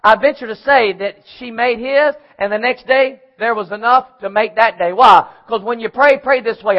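A man's voice: extremely high pitch, moderate pace, few pauses, a bit bright, low-quality recording. A man preaching a sermon in church, emphatic, calling out to the congregation for answers. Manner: emphatic preaching with call-and-response.

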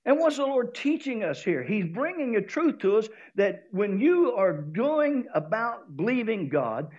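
Man, Southern preacher, high and lively voice, storytelling sermon, dull lo-fi recording. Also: a little slow. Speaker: pastor.

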